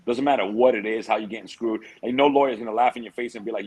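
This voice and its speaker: A man's voice: mid-range voice, breathy edge, poor audio. A man, a guest telling stories in a casual interview, streetwise and full of slang. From United States. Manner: streetwise slang, drawn-out tangents.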